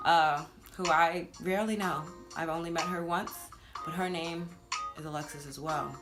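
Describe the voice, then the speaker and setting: A vlogger in her twenties, from Louisiana but raised in New Jersey and carrying a New Jersey accent, chats casually in a get-to-know-me video and laughs often. Her voice is on the low side and steady, at a moderate pace, over music.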